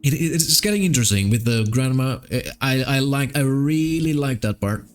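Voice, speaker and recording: A man's voice: medium pitch, expressive, normal speed, soft background music. A young man commenting on a visual novel as he plays, stammering and reading lines aloud. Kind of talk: game playthrough commentary.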